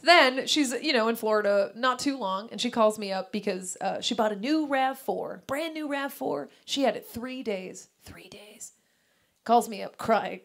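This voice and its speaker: Animated woman doing stand-up. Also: a little high, moderate pace, few pauses. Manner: animated, exasperated storytelling. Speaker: comedian. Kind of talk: stand-up comedy.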